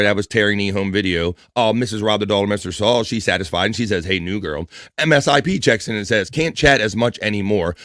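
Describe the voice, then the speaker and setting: A man's voice: on the low side, noisy background. A man hosting a casual livestream, playfully teasing and reading viewer comments aloud. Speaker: livestream host.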